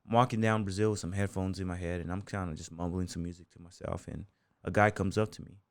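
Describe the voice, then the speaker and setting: Low-voiced American man telling stories. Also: steady tone, fast, no room sound. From United States. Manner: loose anecdotal storyteller, many fillers like "you know" and "man". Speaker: podcast guest, bull rider and gym owner. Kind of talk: casual storytelling interview.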